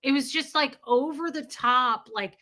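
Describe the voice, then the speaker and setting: A woman's voice: high voice, a little slow, sharp tone. A middle-aged woman hosting a casual livestream, chatting bluntly, swearing freely and reading viewer comments aloud. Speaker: livestream host.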